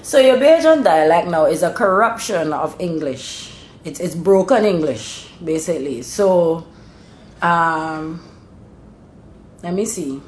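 A Barbadian woman with a somewhat low voice talks things through thoughtfully, often restarting her sentences as she explains. Her voice echoes in a roomy space, with a faint low rumble behind it. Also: animated, slow, a little mellow. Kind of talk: explanatory casual talk.

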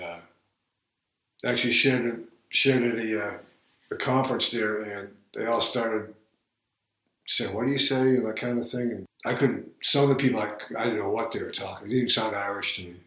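A man's voice: lowish voice, normal speed, a bit bright. Older Boston man in a roomy recording. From south of Boston, USA. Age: 70s. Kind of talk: reading a set passage aloud, then casual reminiscing.

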